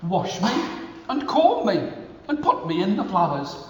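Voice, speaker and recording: A man's voice: high-pitched, wildly swooping pitch, unhurried, darkish tone, recorded from a distance, full character voice. A man chanting as magical golden heads. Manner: sing-song, chanting, pleading. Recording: echoey hall, faint room noise.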